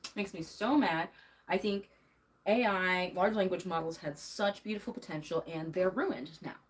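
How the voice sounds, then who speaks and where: A woman's voice: fairly low pitch, moderate pace, low-quality recording. A young woman ranting on a livestream while she does laundry in her bedroom, heated and emphatic, with nervous laughs breaking in. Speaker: streamer. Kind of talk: angry ranting livestream chat.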